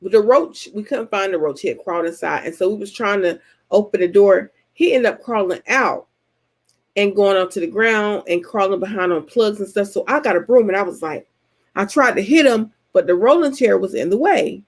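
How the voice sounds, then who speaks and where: A woman from Georgia with a Southern American accent, chatting casually with her viewers and telling stories in an animated, colloquial way. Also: medium pitch, moderate pace. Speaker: vlogger host answering subscriber comments. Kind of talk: casual chat.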